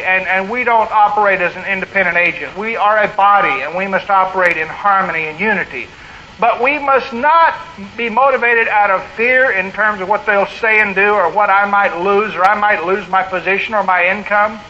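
A middle-aged man preaches in a high, bright, forceful voice, earnest and building to emphatic peaks. The recording is somewhat dull and lo-fi with a faint hiss beneath him. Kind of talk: sermon.

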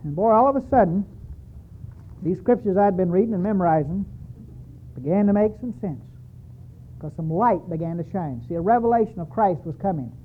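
A man's voice: high-pitched, expressive, brisk, long pauses, slight background noise. A man preaching a sermon, telling his own story with emphatic repetition. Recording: tinny, phone-like sound.

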